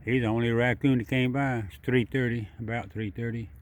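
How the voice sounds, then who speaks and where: A man's voice: medium pitch, steady tone, a little fast. A man narrating a casual vlog outdoors at night, chatty and repetitive, talking straight to the animal while holding the camera. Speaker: wildlife video maker. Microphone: handheld camera.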